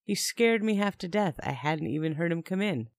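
A woman's voice: lowish voice, expressive, moderate pace, no room sound, studio quality. A young woman narrating a first-person story in a chatty tone with wry asides.

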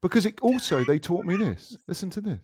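Playful British man, lively dry voice. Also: high-pitched, a little fast, husky, no room sound. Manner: playful, rambling, deadpan jokes. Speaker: podcast co-host. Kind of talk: casual comedic chat.

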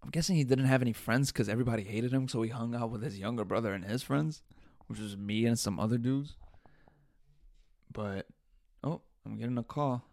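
A man's voice: medium pitch, a little fast, gravelly, no echo. Male podcaster, casual profane storyteller, dry close sound. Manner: profane, animated storytelling with laughs. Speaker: podcast host.

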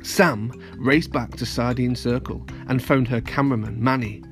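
A man narrating a children's storybook in an even, plain reading voice of middle pitch. Soft music plays faintly beneath him. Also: normal speed. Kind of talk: storybook read-aloud.

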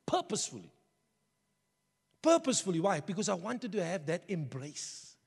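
Male pastor, high-pitched, passionate sermon delivery, long hall reverb. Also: moderate pace, vocal fry, slightly rough. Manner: passionate, rising to shouts, conversational asides. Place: church hall.

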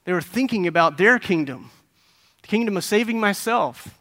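Lively high-voiced male preacher. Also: moderate pace. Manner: animated storytelling, acting out voices, asking the audience questions. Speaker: pastor. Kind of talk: sermon.

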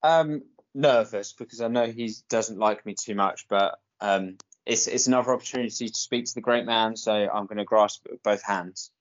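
A young man with a posh English accent and a lowish voice who talks hesitantly, often pausing on "um". The sound is dull and lo-fi. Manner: hesitant, with many ums. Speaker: podcast guest. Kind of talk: casual chat.

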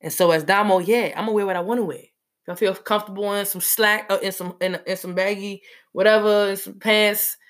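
A woman telling a personal story in a casual, animated way, full of fillers. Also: medium pitch, brisk.

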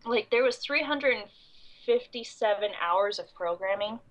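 A woman's voice: fairly high pitch, animated, measured pace, poor audio. A young adult woman with a cold and coughing fits, recapping a convention in a rambling, casual podcast chat full of ums and restarts. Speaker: convention goer recapping the event.

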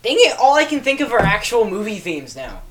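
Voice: medium pitch, very animated, brisk, a crowd in the background. Podcast co-host, casual chat, chatty, laughs easily.

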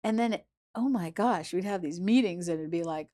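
A woman chef, a guest in an interview, telling a story in a lively way, acting out what people said and swinging between hushed and loud. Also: lowish voice, fairly quick. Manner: animated, acts out quoted voices, swings between hushed and loud. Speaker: chef and restaurant founder, guest.

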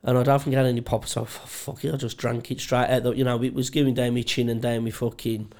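Man, gravelly and mid-pitched, for sweary laughing anecdotes on a comedy podcast. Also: little pitch movement, quick pace, a little mellow. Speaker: podcast co-host. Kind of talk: casual storytelling chat.

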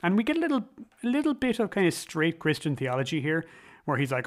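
A man's voice: on the high side, big pitch swings, fast talker. A man casually recapping and reviewing an old horror film, enthusiastic and rambling, often acting out quoted dialogue.

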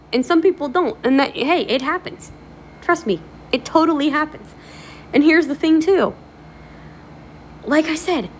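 Chatty, encouraging woman with a higher voice. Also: a little hiss or hum. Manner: chatty, animated storytelling with many fillers. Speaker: vlogger hosting a motivational series. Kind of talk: casual talk to camera.

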